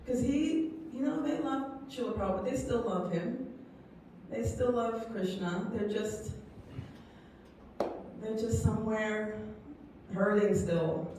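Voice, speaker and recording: A woman in her fifties from England, giving an earnest, emotional personal testimony as a guest speaker, with frequent laughs and halting restarts. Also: on the high side, dark tone. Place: community hall. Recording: echoey hall, distant mic, faint noise.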